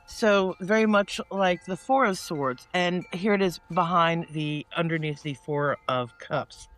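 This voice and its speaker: A man giving a casual spoken tarot reading. He rambles and often restarts his sentences, and he turns lively when he quotes people. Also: on the high side, unhurried, soft background music. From northeastern United States. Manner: chatty and meandering, with many restarts and asides; animated when quoting people in mock-casual voices. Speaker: tarot reader.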